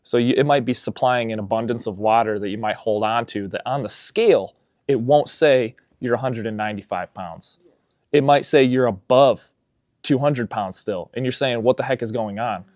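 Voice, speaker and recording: Animated male fitness coach, dry sound. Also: medium pitch, moderate pace, no room sound. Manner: animated storytelling, gets loud when excited. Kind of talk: casual podcast chat.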